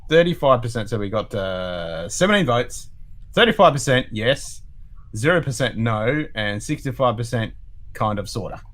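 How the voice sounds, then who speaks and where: An Australian man at a middle pitch hosts a relaxed chat. He reads live poll results aloud and mostly answers with short, agreeable replies. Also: normal speed. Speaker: host. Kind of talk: casual chat.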